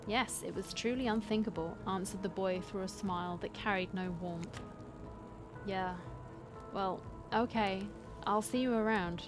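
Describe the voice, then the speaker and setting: A woman's voice: mid-range voice, measured pace, over music. A woman streamer reading a dating sim story aloud, with dramatic storytelling and wry asides. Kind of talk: reading game text aloud with commentary.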